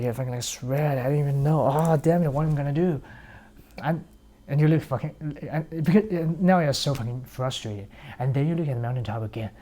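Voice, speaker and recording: A man's voice: mid-range voice, brisk, mellow. A man giving a casual motivational monologue, talking bluntly with heavy swearing and acting out little scenes. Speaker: speaker.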